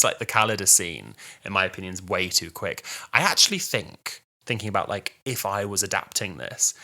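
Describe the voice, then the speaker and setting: Chatty bright-voiced man. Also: fairly low pitch. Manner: chatty, animated, laughs often, acts out quotes in raised voices. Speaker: podcast host. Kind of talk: casual solo podcast talk.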